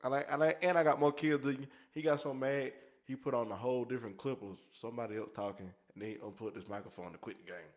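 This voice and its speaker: A man hosting a casual podcast chat, telling stories in an animated way and acting out quoted voices. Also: mid-range voice, quick pace, few pauses. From Puerto Rican. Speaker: podcast host. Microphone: podcast microphone.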